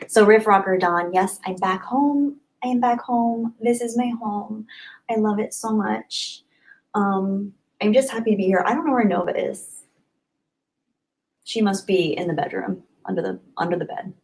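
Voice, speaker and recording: A woman hosting a casual livestream, chatty and upbeat, thanking viewers by name and often trailing off softly. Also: mid-range voice, moderate pace, rough recording. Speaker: livestream host. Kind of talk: casual live chat reading comments.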